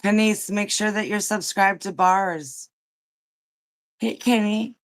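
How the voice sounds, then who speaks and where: A woman hosting a relaxed livestream, talking at an unhurried, drawn-out pace. She rambles chattily with plenty of fillers and greets her viewers one by one. She sounds like she has just woken up. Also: medium pitch. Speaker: livestream host. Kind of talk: casual livestream chat.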